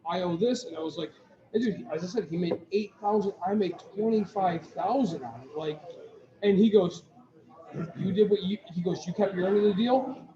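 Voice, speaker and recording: A man's voice: sits high, moderate pace. A man co-hosting a podcast, telling a long story in casual chat, rambling with restarts and quoting what others said. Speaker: podcast co-host. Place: brewery taproom. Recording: echoey taproom with crowd chatter, dull sound.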